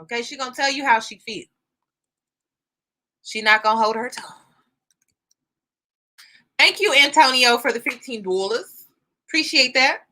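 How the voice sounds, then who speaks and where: A woman hosting a live reaction stream, chatting casually and giving shout-outs to her viewers. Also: high voice, moderate pace, pauses often. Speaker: YouTube host reacting live.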